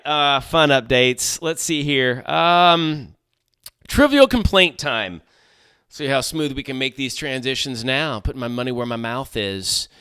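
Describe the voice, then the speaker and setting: A man's voice: mid-range voice, sharp tone, smooth, dry recording. A middle-aged man hosting his own podcast, chatting casually with lots of jokey asides and restarts, close on the mic. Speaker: podcast host. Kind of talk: solo casual podcast chat.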